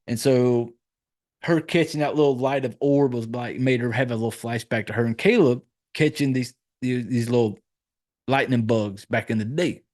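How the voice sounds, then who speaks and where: A man's voice: medium pitch, normal speed. A man with a Southern US accent, hosting a podcast and recapping a horror film in casual chat, swearing a lot and acting out the characters' lines as he goes. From Southern United States. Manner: profane, animated storytelling with acted-out quotes.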